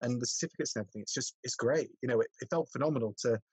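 Young southern English man, quick and slightly husky, stutters through his sentences in a dry room. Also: mid-range voice, darkish tone, no room sound, poor audio. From southern England. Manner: stammering, repeats words, fast-talking. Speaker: podcast host and filmmaker. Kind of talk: casual chat.

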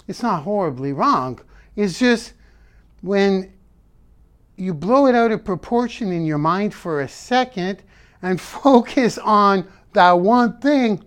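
A man's voice: sits high, clear, resonant tone. A man giving a casual motivational talk, playful and emphatic, breaking off to sing and repeating words for effect. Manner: playful, self-interrupting, sings snippets; emphatic repetition. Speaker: motivational vlogger.

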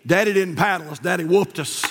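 A man preaching a sermon in a church, swinging from hushed asides to shouted appeals. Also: high voice, brisk, husky, in a large hall. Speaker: pastor. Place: church sanctuary.

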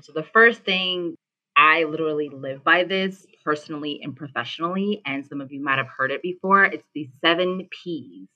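A woman guest in an interview, giving advice in a measured, emphatic way. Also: sits low, pushed and bright, dull audio. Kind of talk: interview answers.

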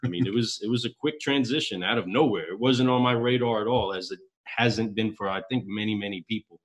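Relaxed man telling a story. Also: fairly low pitch, fairly quick, slight background noise. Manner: relaxed, storytelling with quoted dialogue. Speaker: podcast guest. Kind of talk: casual storytelling.

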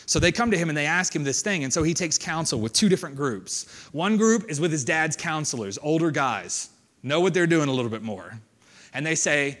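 A man teaching a sermon in a relaxed, conversational way, loosely paraphrasing scripture with fillers and asides. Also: fairly high pitch, normal speed. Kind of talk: sermon, casual Bible teaching.

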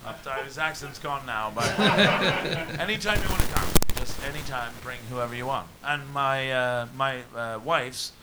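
A man from Canada telling crude comic stories in casual chat, loud and full of swearing and laughter. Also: mid-range voice, a little slow, background noise. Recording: live audience laughter behind. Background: audience laughing.

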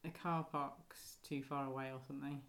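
Low-voiced woman chatting casually. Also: flat delivery, normal speed, a crowd in the background. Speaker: podcast co-host. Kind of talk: casual chat.

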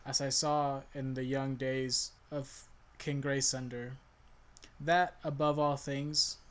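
A man's voice: mid-range voice, natural voice. Grimton, a man playing an earnest warrior. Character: male warrior leader rallying villagers. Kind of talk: in-character tabletop role-play.

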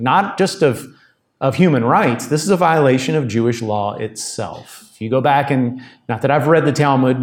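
A man's voice: mid-range voice, darkish tone. Man teaching a sermon. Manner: conversational Bible teaching, reads scripture aloud. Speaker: pastor.

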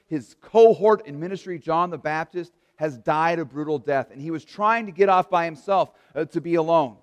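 A man's voice: a little high, long reverb tail. A man preaching a sermon as pastor to an online congregation, earnest and full of rhetorical questions, with frequent small restarts. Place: church or studio for an online service.

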